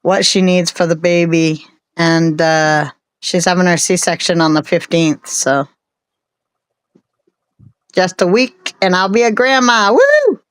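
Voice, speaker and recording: A woman's voice: fairly low pitch, fairly even intonation, takes it slowly, pauses often, clear, resonant tone. A woman in her forties chatting casually on a live stream, rambling and laughing often. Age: 40s.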